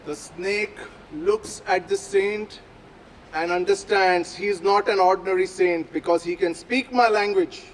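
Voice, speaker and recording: A man telling a folk story aloud at a live event, with slow, deliberate phrasing and dramatic pauses. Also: high-pitched, a little hiss or hum, poor audio. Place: outdoor public plaza.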